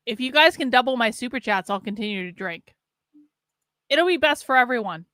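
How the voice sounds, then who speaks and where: A woman's voice: a little high, expressive, a little fast, a bit bright, dry recording, clean studio sound. A tipsy woman hosting a casual livestream, swearing and teasing her viewers, slipping into a mock Southern drawl. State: tipsy from drinking beer. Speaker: livestream host.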